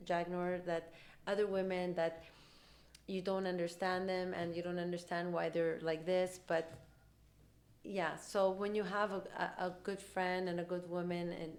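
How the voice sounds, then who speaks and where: A woman hosting a podcast, talking quickly and animatedly in casual conversational storytelling and acting out what other people said. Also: lowish voice. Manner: rapid, animated talk, acting out quoted dialogue. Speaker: podcast host; mother.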